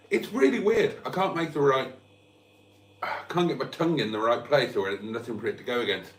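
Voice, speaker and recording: This vlogger talks at a normal speed in an expressive, medium-pitched voice, sounding hungover and lisping as he jokes at his own expense. He's streaming live from a room at home. The recording is roomy, with the mic well away from him.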